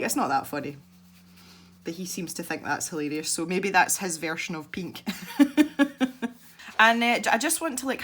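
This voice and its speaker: Colouring as she talks, a woman from Scotland walks her channel through an art technique in a relaxed, meandering way, laughing often. Her voice is mid-range and a little bright.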